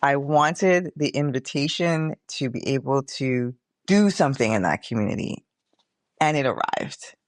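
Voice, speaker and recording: A woman's voice: a bass voice, lively intonation, a little slow, no echo. A middle-aged woman hosting her own podcast, talking candidly and casually, swearing freely and calling her listeners y'all. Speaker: podcast host. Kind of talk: casual reflective monologue.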